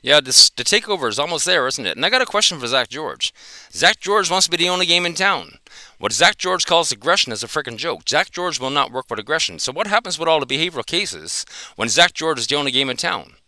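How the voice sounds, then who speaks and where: A man's voice: a little high, big pitch swings, fast, bright, forceful tone, no echo, clean studio sound. A man giving an angry, profane reaction commentary, confronting another dog trainer.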